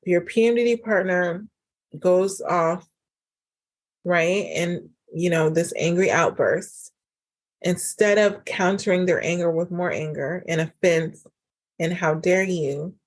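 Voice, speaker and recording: A woman talks through a casual solo podcast episode, giving relationship advice in a chatty, animated way. Her voice sits a little low for a woman, and she fills her sentences with "like" and "um.". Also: unhurried. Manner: chatty and animated, acts out quoted dialogue; frequent fillers like "like" and "um". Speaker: podcast host and relationship coach.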